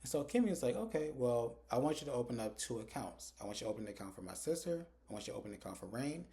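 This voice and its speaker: A man talks quickly through a review of a TV episode, recording himself on his phone. His voice is dark and mellow, and he slips the characters' lines into his quick recap. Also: mid-range voice, expressive. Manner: retells scenes, acting out characters' lines in quick quotes. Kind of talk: casual recap. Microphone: phone camera.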